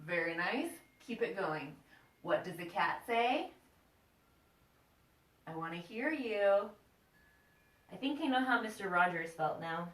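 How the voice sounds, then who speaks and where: A woman's voice: medium pitch, expressive, slow pace, pauses often, fairly bright tone. A playful woman leads a children's yoga lesson in an encouraging, teacherly voice. Her voice rings in a roomy, echoing space. The mic sits some way from her. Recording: echoey room, mic at a distance.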